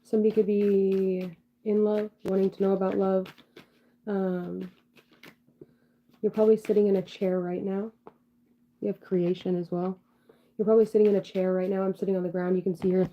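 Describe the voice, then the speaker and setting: A woman's voice: medium pitch, little pitch movement, moderate pace, pauses often. Young woman, tarot reader on a livestream; loose, rambling, filler-heavy delivery with casual swearing; dull lo-fi audio. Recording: dull lo-fi sound.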